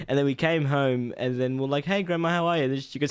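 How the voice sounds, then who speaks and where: A man's voice: medium pitch, fast talker, clean tone. A young man, co-hosting a casual radio chat and telling family stories with frequent laughs. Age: 20s. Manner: laughs often, animated storytelling. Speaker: radio co-host.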